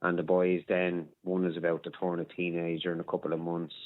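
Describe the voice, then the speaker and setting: A man's voice: deep voice, completely flat delivery, fairly quick. A man with a Donegal Irish accent calling into a radio show, chatting bluntly. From Ireland. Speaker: caller. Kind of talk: phone-in call. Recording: tinny phone line.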